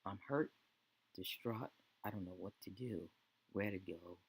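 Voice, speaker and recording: A man voicing a grieving young wife, low and husky. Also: a little slow, exaggerated voice, rough recording. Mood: heartbroken.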